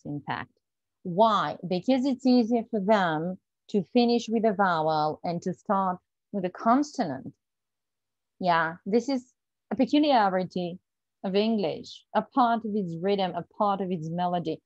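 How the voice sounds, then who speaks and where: A woman's voice: mid-range voice, lively intonation, a little mellow, no echo. Woman teaching English pronunciation, dull dry sound. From Bulgaria. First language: Bulgarian. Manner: explanatory, repeats example phrases slowly for students. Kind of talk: online pronunciation lesson.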